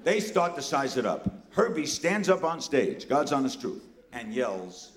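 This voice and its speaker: Animated older New storyteller man. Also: mid-range voice, a little slow. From New York City. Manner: animated, punchy delivery with asides. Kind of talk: comic storytelling to a live audience.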